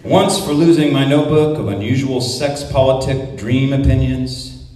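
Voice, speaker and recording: A man's voice: medium pitch, normal speed, mellow. Man, poetry reading, declamatory, incantatory refrains, reverberant hall, distant mic. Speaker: poet reading at a conference. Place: conference hall.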